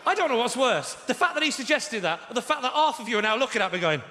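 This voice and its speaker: A man's voice: very high voice, very animated, fast talker, heavy background noise. A man with an English accent doing a sarcastic stand-up routine on a theatre stage, acting out a phone call with a salesman. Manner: sarcastic, storytelling with acted-out phone dialogue. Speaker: stand-up comedian. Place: large theatre stage with live audience. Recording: echoey theatre hall, loud ambience.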